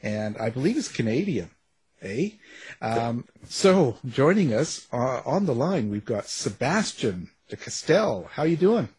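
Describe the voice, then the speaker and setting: A man's voice: mid-range voice, very animated, measured pace, darkish tone, breathy edge, dry recording. A man hosting a radio show, introducing his guest in a jokey, casual way and laughing between phrases.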